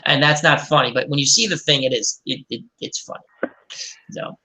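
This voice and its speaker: A man's voice: medium pitch, moderate pace, sharp tone, a little hiss or hum. A man hosting a casual online group chat, talking enthusiastically and rambling with many restarts. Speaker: host of an online chat show.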